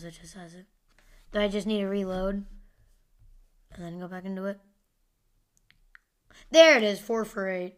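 A woman's voice: medium pitch, normal speed, pauses often. Rambling young woman reading sports stats. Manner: rambling, filler-heavy, thinking aloud. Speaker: podcast host. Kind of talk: casual live sports stat commentary.

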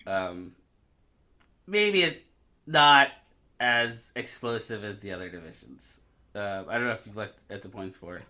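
A man's voice: fairly low pitch, lively intonation, unhurried, pauses often, sharp tone. A man co-hosting a podcast, talking casually and hesitantly as he thinks aloud. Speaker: podcast co-host. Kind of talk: casual chat.

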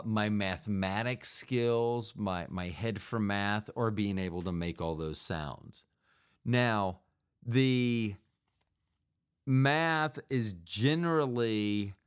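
A man's voice: on the low side, clean tone. Rambling man on a solo podcast. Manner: rambling and digressive, with frequent fillers; playful, makes mouth sound effects. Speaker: podcast host. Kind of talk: solo comedic monologue.

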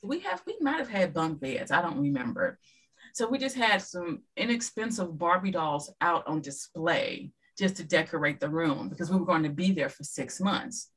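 A woman's voice: fairly low pitch, moderate pace, slightly rough, rough recording. A woman guest in a casual podcast chat, telling stories and acting out dialogue. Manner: lively storyteller who acts out dialogue.

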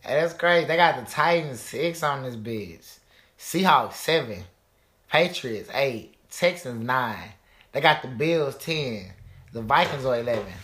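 A man's voice: mid-range voice, lively intonation, unhurried, a bit bright. A man co-hosting a podcast, joking and trash-talking in brash, profane casual chat. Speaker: podcast co-host.

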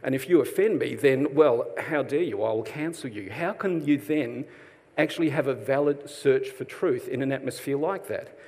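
A man's voice: medium pitch, normal speed, darkish tone. Aussie preacher guy, middle-aged, chatty and jokey with the crowd, church hall echo. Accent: Australian. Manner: chatty, self-deprecating, jokes with the congregation. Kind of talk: sermon. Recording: long hall reverb.

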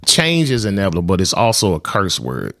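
A middle-aged man hosting a podcast in casual chat, animated and laughing, swinging from loud outbursts to low, earnest talk. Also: fairly quick, no echo, studio quality. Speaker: podcast host.

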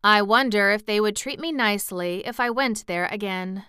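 A woman's voice: medium pitch, moderate pace, sharp tone, clear, resonant tone, dry recording, clean studio sound, natural voice. A woman voicing a kindly, wistful little old man, a wizard, speaking thoughtfully.

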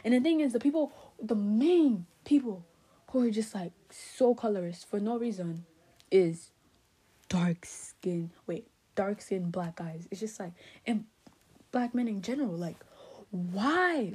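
Young woman, Haitian roots, sassy, chatty rant, mellow husky voice. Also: fairly high pitch. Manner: sassy, animated, lots of fillers. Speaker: vlogger. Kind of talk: casual opinion rant.

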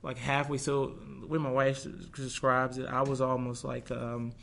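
A man's voice: mid-range voice, level tone, normal speed, creaky, a bit bright. Earnest young man reflecting in an interview. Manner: earnest, reflective, many restarts and fillers; acts out his own past thoughts in quoted asides. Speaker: guest, pro football player. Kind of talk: candid conversational interview.

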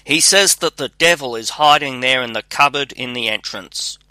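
A man's voice: medium pitch, moderate pace, pushed and bright, no echo. A man reading as a sly little peasant.

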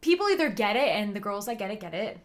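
Giggly young woman co-hosting a chat podcast, lively pitch. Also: fast, noisy background. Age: 20s. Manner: giggly, rambling with many "like" fillers. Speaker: podcast co-host. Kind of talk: casual chat.

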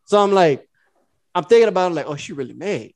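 Man, podcast co-host, rapid-fire, profane storyteller, higher voice. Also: dry recording. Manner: animated, profane, acts out both sides of the story. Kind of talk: casual storytelling.

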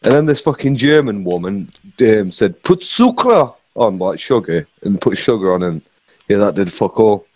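A man's voice: fairly low pitch, moderate pace, a little mellow. A man telling a sweary anecdote to friends in a casual group chat. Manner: sweary, laughing storyteller.

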